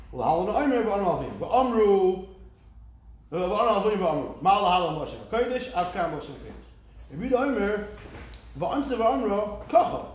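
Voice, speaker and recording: A man's voice: high voice, a little mellow, very echoey, rough recording. A man, a rabbi, teaching a Talmud class, explaining the texts and chanting Hebrew verses with a rising lilt, with jokey asides to the students.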